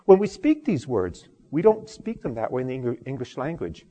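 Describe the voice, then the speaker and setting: Pastor, male, husky and lively sermon delivery, church hall reverb. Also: medium pitch, normal speed. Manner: expressive, swings from loud emphasis to quiet.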